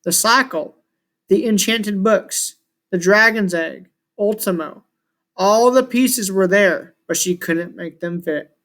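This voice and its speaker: A man reading a novel aloud for his channel, introducing the chapter before starting. His delivery is plain and steady, narration in an ordinary voice. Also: high-pitched, slow. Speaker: audiobook reader.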